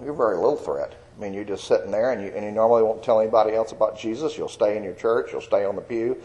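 A man's voice: on the low side, mellow, rough recording. A man, an evangelist giving a folksy, earnest personal testimony sermon.

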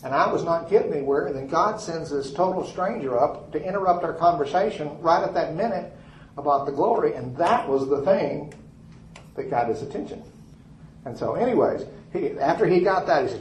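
A man's voice: a little high, lively intonation, brisk, a little mellow, echoey room, a little hiss or hum, low-quality recording. A man, a minister teaching and telling a personal story in a folksy, chuckling way.

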